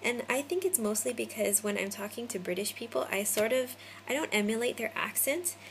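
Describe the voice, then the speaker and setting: Young woman, American accent, gravelly fry, rambling phone vlog chat. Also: fairly high pitch, expressive, brisk, slight background noise, rough recording. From Hawaii. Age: 20s. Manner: chatty, rambling, addresses viewers by name. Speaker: vlogger. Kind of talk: casual chat to camera. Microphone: phone camera.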